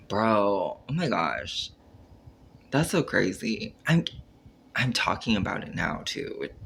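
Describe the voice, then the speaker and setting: A man's voice: lowish voice, creaky, fairly bright tone, slight background noise. A man rambling through a casual monologue on camera, full of filler words, acting out his own reactions and trailing off mid-sentence. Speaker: vlogger.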